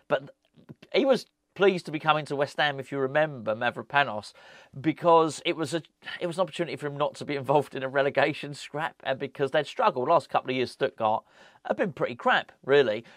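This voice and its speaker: Man, football vlogger, casual chat, rambling and jokey, mid-pitched voice, dry close sound. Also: a bit bright, dry recording.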